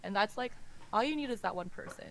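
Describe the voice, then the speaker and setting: A woman's voice: mid-range voice, lively intonation, fast talker, vocal fry, fairly bright tone, poor audio. A young woman co-hosting a casual book-discussion podcast, emotional and swearing freely as she gushes. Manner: emotional, swears freely, reads passages dramatically. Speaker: podcast co-host.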